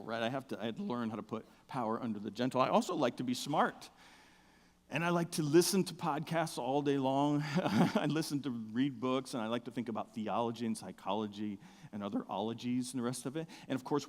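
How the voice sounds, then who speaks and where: A middle-aged man preaching a sermon, with a big outdoor voice, telling stories with humor and swinging from soft asides to loud excited bursts. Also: mid-range voice, in a large hall. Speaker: pastor. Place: church sanctuary.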